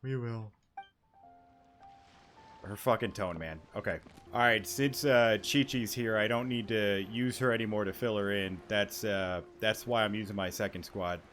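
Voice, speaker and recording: A man's voice: lowish voice, normal speed, a bit bright, soft background music. A man casually commenting while playing a game, joking and crude.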